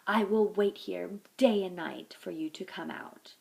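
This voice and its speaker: A woman's voice: mid-range voice, measured pace, creaky, a little mellow, rough recording. A woman doing a stubborn, bullying lion.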